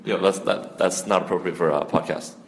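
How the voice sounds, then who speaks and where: A man hosting a casual music podcast, chatty and quick to exclaim in surprise. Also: low voice, gravelly, echoey room, big-room sound. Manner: excitable, quick to gasp and exclaim. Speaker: podcast host.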